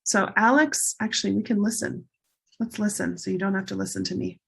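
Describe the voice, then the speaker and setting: A woman teacher slowly and carefully drilling English pronunciation in a recorded lesson. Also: medium pitch, steady tone, vocal fry, breathy edge. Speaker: ESL teacher.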